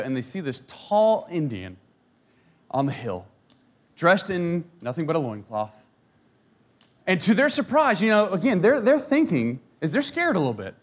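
A man tells a historical story in a loose, conversational way, full of fillers and quick asides. His voice sits a little high. He sounds animated and throws in a joke now and then.

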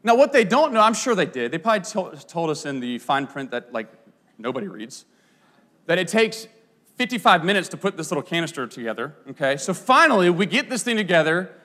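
Preaching briskly in a fairly high voice, a pastor in his thirties tells playful stories. His sermon is animated, with asides coming frequently.

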